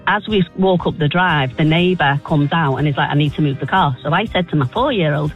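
A woman calling into a radio show, telling a funny story and jumping her voice high when she quotes herself. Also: fairly quick, highs cut off, soft background music. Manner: animated, voice jumps high when quoting herself. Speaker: caller.

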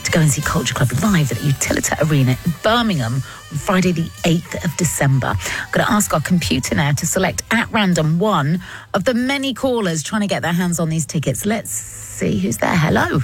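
A woman presenting an afternoon radio show, bubbly and quick to laugh. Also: fairly low pitch, expressive, soft background music. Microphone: studio microphone.

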